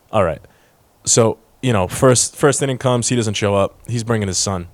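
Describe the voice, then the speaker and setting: A man co-hosting a podcast, telling stories in a slangy, animated way and acting out quotes. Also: fairly low pitch, normal speed, no echo. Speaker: podcast co-host. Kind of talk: casual chat, storytelling.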